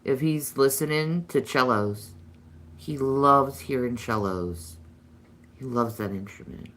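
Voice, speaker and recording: Slow-talking woman chatting on a live stream. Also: a bass voice. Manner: chatty, answers viewers' comments and coos to her pets. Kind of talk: casual live-stream chat.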